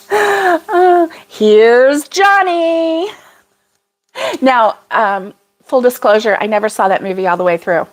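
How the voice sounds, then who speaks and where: A woman's voice: medium pitch, moderate pace. A woman hosting a casual livestream chat with viewers, rambling and laughing often. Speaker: crochet channel host.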